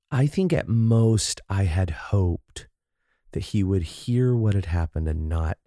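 Deep, gravelly man talking earnestly. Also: mellow, no room sound, studio quality. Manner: earnest, reflective. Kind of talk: casual reflective conversation.

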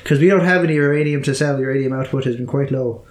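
A man's voice: medium pitch, fast, roomy sound, lightly acted. A man voicing a friendly, boisterous pub man, talking in a hearty, hospitable way. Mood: chatty.

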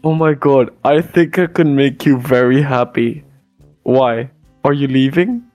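Deadpan low voice, slow and dry. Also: no room sound, soft background music. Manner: dry, deadpan delivery of one-liners. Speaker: podcast co-host. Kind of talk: casual podcast chat.

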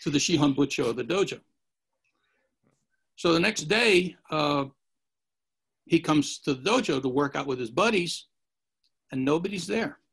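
Husky older-sounding guy rambling through stories, raspy voice. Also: fairly high pitch, animated, normal speed, pauses often, a bit bright. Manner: rambling anecdotes with acted quotes. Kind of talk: casual storytelling.

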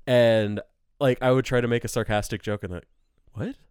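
A man telling stories in a loose, joking chat, swearing freely. His voice is smooth and clear. The sound is dry and close. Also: medium pitch, fairly even intonation, moderate pace, darkish tone, dry recording. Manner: profane, joking storyteller. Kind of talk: casual chat.

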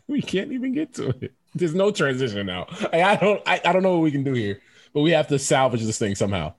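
A man's voice: a little high, very animated, a little fast. A man co-hosting a podcast, joking and laughing through casual banter. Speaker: podcast co-host.

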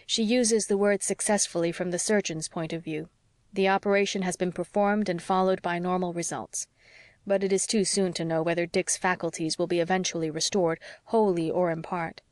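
Woman reading young guy doctor, calm n wry, storybook. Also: on the low side, brisk, no echo, clean studio sound, close to an everyday voice. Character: patient young male doctor, dry and teasing.

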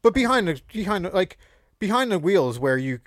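A man's voice: high voice, very animated, fairly quick, no echo, clean studio sound. A man from the Philadelphia area co-hosting a comedy podcast, joking and often restarting his sentences. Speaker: podcast co-host. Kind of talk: casual podcast chat.

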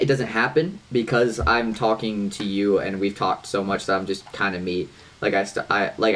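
Lively low-voiced Midwestern man. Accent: Midwestern American. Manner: animated, swearing, shifts voice up when quoting people. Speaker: podcast co-host. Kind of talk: casual chat.

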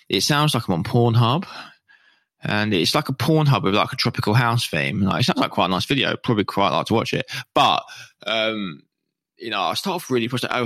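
Brief: young British male podcast host, low voice, hyped and sweary, slight lisp, dry close recording. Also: no echo. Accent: British English. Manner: excited and sweary, calls his own voice a bit whiny. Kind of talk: rambling solo podcast chat.

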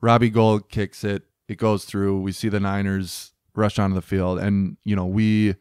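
Young guy, lowish voice, rambling sports pod chat, lots of likes, dry close mic. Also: flat delivery, normal speed, a little mellow, clean tone, no room sound. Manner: rambling with many filler likes, laughs while telling. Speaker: podcast co-host. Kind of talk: casual sports podcast chat.

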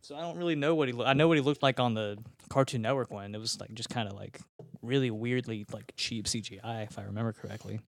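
A man's voice: mid-range voice, fast talker, gravelly, no echo. A man co-hosting a casual podcast, hesitant and full of fillers, amused by the talk. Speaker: podcast co-host. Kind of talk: casual chat.

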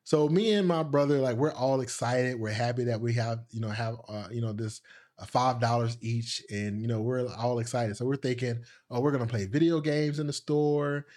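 A man's voice: fairly even intonation, normal speed, darkish tone. A young man hosting a podcast, telling a story in a rambling way full of fillers. He laughs at himself and raises his voice to act out the people he quotes. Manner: acts out quoted voices higher. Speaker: podcast host. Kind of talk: casual storytelling.

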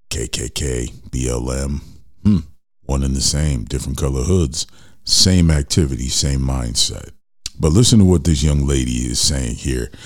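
A man's voice: a bass voice, a little mellow. A man hosting an opinion talk show, speaking bluntly and ranting straight to his listeners. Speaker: podcast host.

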